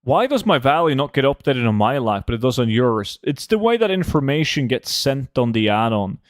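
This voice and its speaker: Young guy from norway goofing around on stream, middle pitch, dry close sound, swears a lot. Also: sing-song, normal speed, no room sound. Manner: joking, rambling, swears freely. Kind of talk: casual gaming chat with friends.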